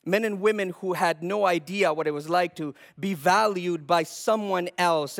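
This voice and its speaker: A man's voice: high-pitched, moderate pace, creaky, few pauses, fairly bright tone. A man preaching a sermon as a pastor, impassioned and often repeating words as he builds up, from Canada.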